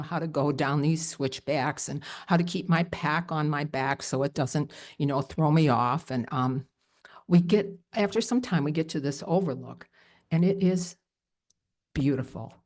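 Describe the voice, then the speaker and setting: A woman telling a personal story at a live storytelling event, animated and emotional, with many fillers. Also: deep voice, normal speed.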